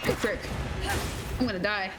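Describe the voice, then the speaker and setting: A woman streamer giving casual gameplay commentary, blurting excited exclamations and mild curses as she plays. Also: medium pitch, moderate pace, rough recording. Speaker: gaming streamer. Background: game music.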